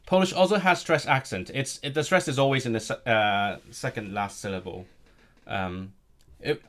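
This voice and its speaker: A man's voice: medium pitch, normal speed, a bit bright. A man chatting casually on a live stream, rambling and restarting his sentences often. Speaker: language streamer.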